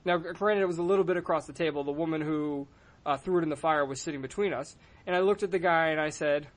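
A man hosting a podcast, telling a story in a casual, profane, animated way. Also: fairly high pitch, a little fast. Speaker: podcast host.

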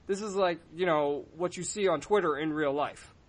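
A man hosting a podcast, telling a story in a casual, profane, animated way. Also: fairly high pitch, moderate pace. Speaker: podcast host.

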